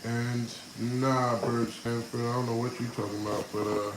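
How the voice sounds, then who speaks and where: A man hosting a casual livestream, reading out comments and telling a story in animated, slangy talk with laughs. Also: medium pitch, moderate pace, roomy sound, background noise. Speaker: livestream host. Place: home room.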